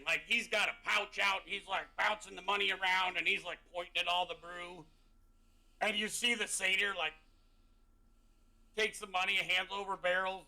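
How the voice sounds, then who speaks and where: A man acts as game master, narrating a tabletop game in a rambling way full of fillers and frequent laughter. His high voice has a sharp tone, and the recording quality is low.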